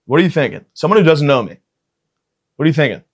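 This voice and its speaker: A man's voice: fairly high pitch, quick pace. Rambling, profane comedian man in his thirties. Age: 30s. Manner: rambling, profane, jumps into loud excited bits. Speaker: podcast host. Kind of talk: solo comedic monologue.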